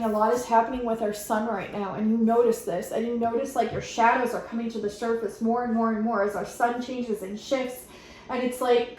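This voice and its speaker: A woman giving a channeled spiritual card reading, earnest and gently giggly, reading card messages aloud. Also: on the high side, steady tone, moderate pace. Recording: very echoey room with faint noise.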